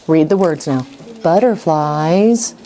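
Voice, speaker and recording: A middle-aged woman teaching first graders to write, brisk and coaxing, repeating her prompts. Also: deep voice, lively intonation, mellow, faint music behind. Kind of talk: classroom writing lesson. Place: classroom.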